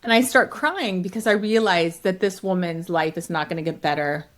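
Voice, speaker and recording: A middle-aged woman, a comedian, telling stories as a guest in an interview, lively and quick to laugh. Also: lowish voice. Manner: lively, laughs often, acts out quotes. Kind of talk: storytelling in an interview.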